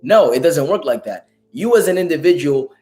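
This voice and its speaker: A man with a hoarse, raspy voice giving an emphatic, profane motivational talk as host of a live stream. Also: a little high, lively intonation, normal speed, mellow, soft background music. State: hoarse from a lost voice.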